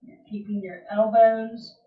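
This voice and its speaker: A woman leads a yoga class in a calm, gentle voice, letting long pauses sit between her cues. She speaks very slowly and stays at an ordinary pitch. The sound is distant, roomy and a little dull, like a livestream picked up from across the room. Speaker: yoga instructor. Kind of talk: guided yoga class instruction. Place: home or studio room, livestream.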